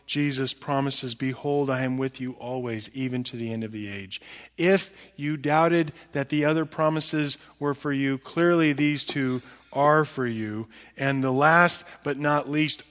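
A man preaching a sermon as pastor, swinging from quiet low murmurs to loud, emphatic high peaks. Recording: long hall reverb.

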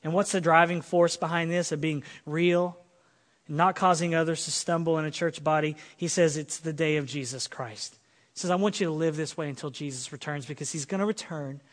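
Man, pastor, sermon, earnest and dynamic, loud and soft swings, reverberant church sanctuary. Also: on the high side, fairly even intonation, fairly quick.

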